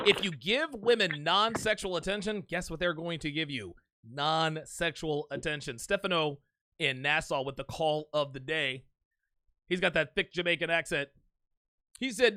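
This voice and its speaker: Brash profane male talk-show host, 40s, high sharp voice, dry. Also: huge pitch swings, unhurried, no echo. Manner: brash, swaggering, profane, laughs often. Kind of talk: live call-in show banter.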